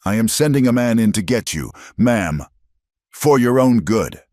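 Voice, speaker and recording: A man's voice: sits low, very animated, moderate pace, dry recording, clean studio sound, full character voice. A man voicing a stern, weary frontier marshal who gives clipped commands.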